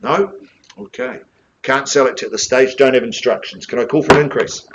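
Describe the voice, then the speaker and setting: A man's voice: mid-range voice, big pitch swings, normal speed, vocal fry, highs cut off, noisy background. A man with a New Zealand accent calling a live property auction, coaxing bidders with jokes between bid calls.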